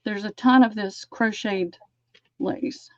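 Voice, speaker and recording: A woman's voice: medium pitch, a little mellow, dry recording, muffled recording. Chatty woman hosting a live lace sale. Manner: chatty, describes lace items slowly. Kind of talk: live-stream sale chat.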